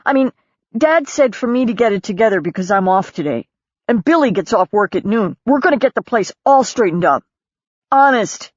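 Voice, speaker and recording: Woman doing a young guy pleading with his mom, choked up, pitched up high, muffled sound. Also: lively intonation, normal speed, dry recording, close to an everyday voice. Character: ashamed young adult son, pleading. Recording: dull lo-fi audiobook recording.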